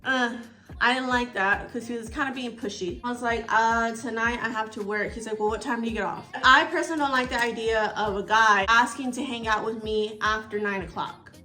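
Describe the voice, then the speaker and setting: A Texan woman, a storytime YouTuber, chats casually while getting ready at home indoors by a window, rambling and acting out dialogue as she tells her story. Her slightly high voice stays steady, brisk, pushed and bright, with soft music playing behind her.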